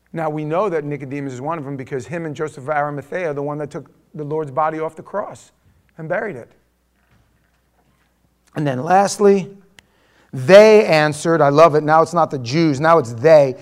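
A man preaching a verse-by-verse sermon, swinging between hushed, intimate asides and loud, mocking quotes of imagined listeners. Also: on the high side, moderate pace. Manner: animated preaching, swinging from hushed asides to near-shouting mimicry. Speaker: pastor. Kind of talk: expository sermon.

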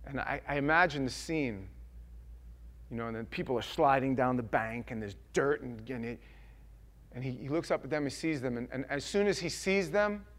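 A man preaching a sermon in a casual, folksy way, shifting from quiet asides to loud, emphatic scripture readings. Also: medium pitch, normal speed. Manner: conversational, folksy preaching with slang.

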